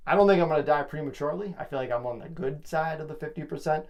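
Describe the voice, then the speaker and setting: A man's voice: on the high side, fast, hardly any pauses. A young man hosting his own podcast alone, rambling and joking as he hypes himself up. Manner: rambling, jokey, self-hyping. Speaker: podcast host. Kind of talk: casual solo podcast monologue.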